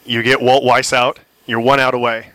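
A man's voice: medium pitch, little pitch movement, moderate pace, bright, forceful tone, dry recording, low-quality recording. A man hosting an interview, recapping plays and asking questions. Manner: sets up the story, recaps plays. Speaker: interviewer, host.

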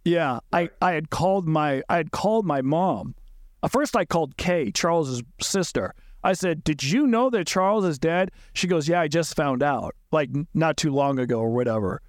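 High-voiced man recounting a painful story. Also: expressive, dry recording, clean studio sound. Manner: halting, repeats and restarts words, rises sharply when upset. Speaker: podcast guest recounting events. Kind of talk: emotional personal recollection.

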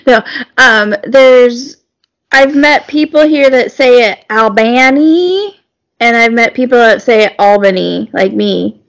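A woman with a slightly high voice and a gravelly, creaky edge tells a long rambling story in a relaxed chat. She restarts her sentences and laughs her way through them. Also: measured pace. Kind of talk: casual chat. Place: lives in Georgia.

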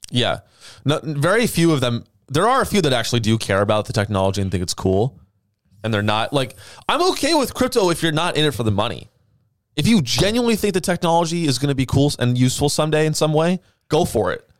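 Blunt mid-pitched man, dry sound. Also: very animated, fast, no room sound. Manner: blunt, swears freely, reacts with laughter. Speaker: podcast co-host. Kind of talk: casual chat.

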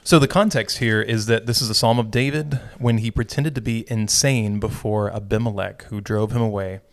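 A man co-hosting a podcast, leading a relaxed Bible study with dry jokes and frequent restarts. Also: fairly low pitch, normal speed. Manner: relaxed, dry joking, self-correcting restarts. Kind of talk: casual chat.

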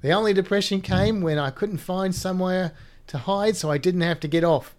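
A man's voice: sits high, brisk, a little mellow, lightly acted. A man putting on a jokey Australian storyteller. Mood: comic. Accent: put-on Australian. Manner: comic storytelling read-out.

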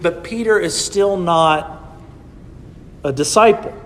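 High-voiced man preaching in an echoing church. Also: slow, slight background noise. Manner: conversational preaching with frequent "right?" asides. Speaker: pastor. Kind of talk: sermon. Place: church sanctuary.

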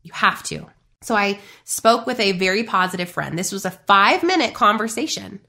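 A woman in her thirties talks straight to her listeners in a chatty, emphatic motivational style. Her voice is bright and forward, sitting at an ordinary pitch for a woman. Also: expressive, normal speed, gravelly. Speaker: podcast host and business coach. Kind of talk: casual motivational talk.

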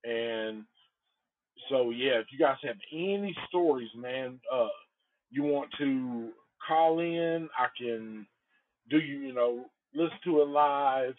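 A man hosting a podcast, telling a story in a rambling, profane, animated way. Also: mid-range voice, slow pace. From Antioch. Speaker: podcast host. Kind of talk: casual storytelling. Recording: phone-like lo-fi audio.

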